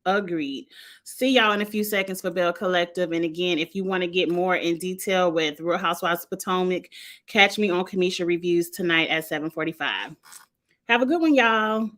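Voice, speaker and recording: Her voice sits on the low side and moves briskly as she vents about a show. She's a reality TV reviewer giving an animated, sassy, exasperated recap in a casual rant.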